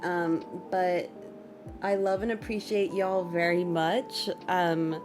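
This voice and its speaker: A woman's voice: lowish voice, fairly even intonation, slow, music in the background. A young woman streaming casually, reading chat comments aloud and giggling often.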